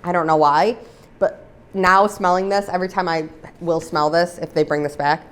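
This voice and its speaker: Low-voiced woman chatting casually on her vlog, rambly, lots of "like", gets worked up. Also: fairly even intonation, moderate pace. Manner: chatty, rambling, many "like" fillers; gets heated and exasperated over discontinued products. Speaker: vlogger reviewing used-up products. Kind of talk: casual chat.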